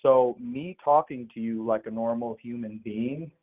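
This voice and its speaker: A man calling into a political show, arguing in a measured way and insisting on finishing his point. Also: medium pitch. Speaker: caller. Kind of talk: heated live call-in argument. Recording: tinny phone line.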